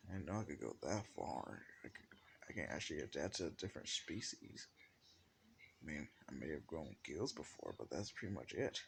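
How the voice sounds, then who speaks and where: A man voicing a young male hybrid hunter who is anxious and unsure, in a halting way of talking. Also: extremely low pitch, sing-song, creaky, a little hiss or hum, heavily acted.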